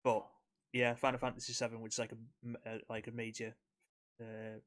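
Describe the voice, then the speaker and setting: A man's voice: mid-range voice, monotone, fairly quick, a bit bright. A man co-hosting a podcast in casual chat, swearing freely and reacting to his partner. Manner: sweary, reactive, laughs along. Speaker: podcast co-host.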